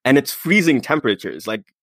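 A man's voice: mid-range voice, very animated, a little fast, no room sound. Rambling, sarcastic man, dry sound. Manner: rambling, sarcastic, hesitant fillers. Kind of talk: casual political chat.

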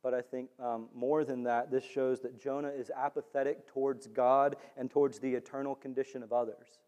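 A man preaching a sermon in an animated way, rising to near-shouts for emphasis. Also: mid-range voice, moderate pace. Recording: long hall reverb.

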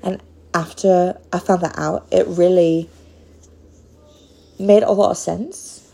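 A woman in her thirties with a Northern Minnesotan accent hosts a casual solo podcast. Her voice is mellow and dark, with a gravelly edge. She talks very slowly and hesitantly, with frequent pauses. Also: lowish voice, steady tone, poor audio. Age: 30s. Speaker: podcast host.

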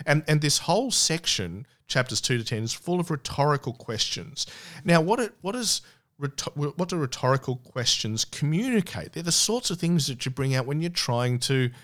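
A man hosting a Bible discussion, talking earnestly and haltingly with many restarts. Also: fairly high pitch, lively intonation, fairly bright tone. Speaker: Bible study host.

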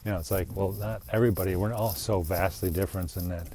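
Low-voiced rambling male podcaster. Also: fairly even intonation, quick pace, dark tone, a little hiss or hum. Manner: rambling, reflective, self-deprecating. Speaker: podcast host. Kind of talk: casual monologue podcast.

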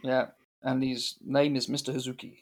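A man's voice: medium pitch, little pitch movement, normal speed. A man from Devon co-hosting a podcast in casual chat, rambling and teasing. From Devon, England. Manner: rambling, teasing, laughs easily. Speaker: podcast co-host.

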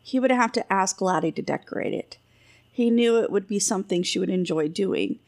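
A woman's voice: medium pitch, lively intonation, brisk, a little mellow. Woman reading her novel aloud. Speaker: author reading her own book. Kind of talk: audiobook narration.

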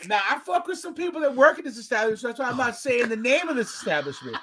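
A man telling a long, animated, profane story in casual chat, punchy and emphatic. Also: very high-pitched, fast. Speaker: podcast co-host telling a story.

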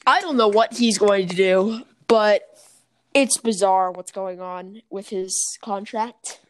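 A woman co-hosting a podcast in casual chat, chatty, often correcting herself, and quick to laugh. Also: medium pitch. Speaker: podcast co-host.

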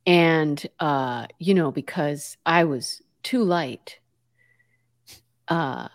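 Woman, american, guest, lively storyteller, filler-heavy, drops in spanish words. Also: low voice, very slow. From United States. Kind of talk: conversational storytelling.

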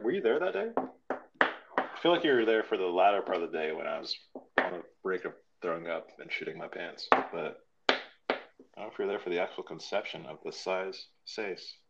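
Deep, lively man trading profane jokes. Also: fairly quick, creaky, highs cut off, heavy background noise. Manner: loose, profane, joking banter. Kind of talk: casual chat.

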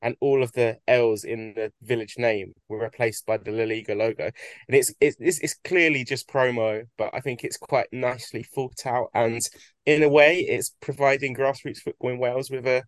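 A man's voice: mid-range voice, fairly even intonation, moderate pace, dry recording. A British man co-hosting a podcast, easygoing and chatty. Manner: easygoing, laughs often. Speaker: podcast co-host. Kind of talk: casual chat.

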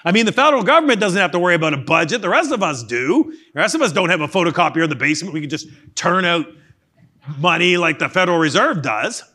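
A down-to-earth guy handing out money advice, practical and matter-of-fact, as a man puts him on. His voice sits high for a man and keeps things plain and direct. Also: big pitch swings, quick pace, bright, forceful tone, full character voice. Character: down-to-earth male friend giving money advice.

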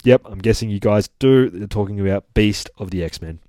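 A man reviewing a comic book in a casual, excited retelling, swearing often and rambling as he goes. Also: on the low side, moderate pace, dry recording, studio quality. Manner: profane, rambling, bursts of excited laughter.

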